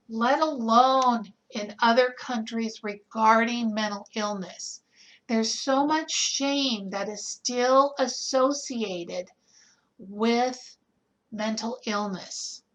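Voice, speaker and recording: Slow-paced woman giving a nursing lecture. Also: a little high, low-quality recording. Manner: conversational, rhetorical questions, frequent "okay?". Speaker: nursing instructor. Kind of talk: recorded lecture.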